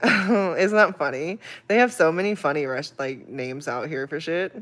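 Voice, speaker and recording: A woman's voice: deep voice, moderate pace, a bit bright. Woman casually chatting on her livestream. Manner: swears freely, laughs often, emotional storytelling. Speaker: livestream host.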